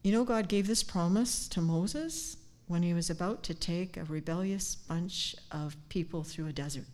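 Woman, older, low-pitched, heartfelt, earnest, devotional talk, hushed at times. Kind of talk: personal devotional talk with scripture. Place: church gathering, speaking standing up.

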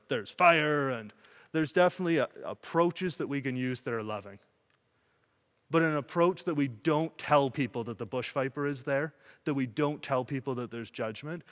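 A man preaching a sermon in an animated way, acting out voices as he tells a story. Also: mid-range voice, long reverb tail. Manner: animated, acts out quoted voices.

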